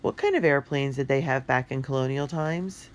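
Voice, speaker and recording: A narrator voicing an excited young girl time traveler who exclaims in a high voice. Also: normal speed, natural voice.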